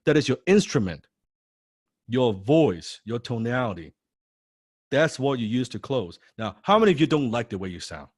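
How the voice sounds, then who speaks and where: A man's voice: medium pitch, very animated, normal speed, slightly rough, dry recording, clean studio sound. A man coaching a sales class who stresses key points, repeats phrases and acts out phone calls. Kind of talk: live sales training class.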